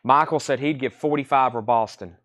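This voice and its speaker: A man's voice: medium pitch, a little fast, a bit bright. A man hosting a live-stream record sale, talking in breezy, joking sales patter with repeated catchphrases.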